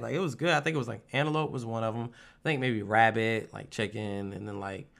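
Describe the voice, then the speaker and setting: A young man tells stories in casual, profane chat. His voice is gravelly with a bright, forceful edge. He acts out the lines of the people in his stories with animated energy. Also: fairly high pitch, quick pace. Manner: animated, profane storytelling with lively put-on quotes.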